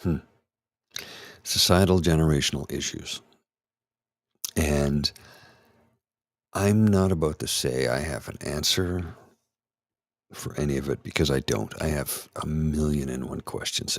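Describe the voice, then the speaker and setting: Man, middle-aged, anxious and trembling, halting speech, husky low voice, dry close sound. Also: no room sound. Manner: halting, restarts, anxious and shaky. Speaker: ASMR channel host. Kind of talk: candid personal talk.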